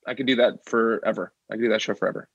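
A man's voice: on the low side, steady tone, rapid-fire, fairly bright tone, husky, no echo, dull audio. A man, a working actor, talking as a guest in a casual interview, enthusiastic and a bit rambling.

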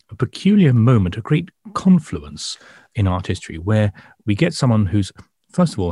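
A man's voice: lowish voice, mellow, husky, no echo, studio quality. A man co-hosting an art podcast, wry and self-deprecating in conversation. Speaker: podcast co-host. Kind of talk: casual chat.

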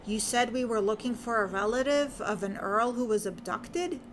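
An earnest gentleman investigator from a period audiobook tale, questioning in a flustered, earnest way. A woman reads him out in her own voice, barely changed. He sounds like a man who keeps asking for the plain facts. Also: fairly high pitch, moderate pace, slight background noise, natural voice. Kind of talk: fan fiction audiobook reading.

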